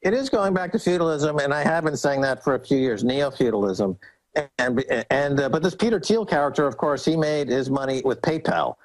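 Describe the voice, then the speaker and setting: A man appearing as a guest on a radio talk show, ranting indignantly and mockingly with big swings in pitch. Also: expressive, a little fast, no room sound, poor audio. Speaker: guest commentator.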